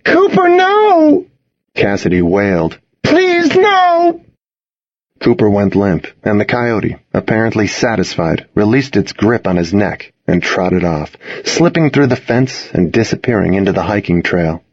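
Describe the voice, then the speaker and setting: A man reading a dramatic first-person story aloud, expressive in his delivery. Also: on the low side, normal speed, few pauses, no echo, highs cut off. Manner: expressive, voices the other characters in his reading.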